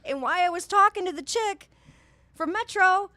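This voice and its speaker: A woman hosting a radio show in a studio, telling stories in a profane, ranting, animated way in casual chat. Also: very high voice, moderate pace, no room sound.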